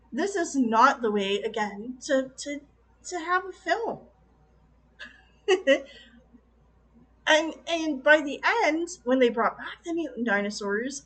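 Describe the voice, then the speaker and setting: A woman reviewing a movie in a casual rant, exasperated and animated, acting out her own baffled reactions. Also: on the high side, poor audio.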